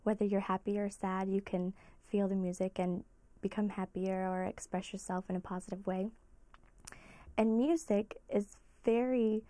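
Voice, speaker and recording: In a steady, mid-pitched voice that barely rises or falls, a woman music teacher explains her classes. She talks in an earnest, explaining way, as in an interview.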